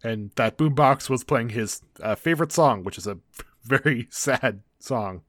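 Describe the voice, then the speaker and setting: A laid-back man recapping scenes with wry humor in a casual co-host chat. His voice has a middle pitch and sounds dry and close, with no room around it. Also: animated, measured pace, a bit bright, no room sound. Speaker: podcast co-host.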